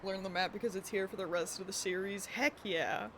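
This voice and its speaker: A woman's voice: medium pitch, fairly even intonation, a little fast, noisy background. Chatty woman streaming a game. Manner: chatty, giggly storytelling. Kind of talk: casual live-stream gameplay chat.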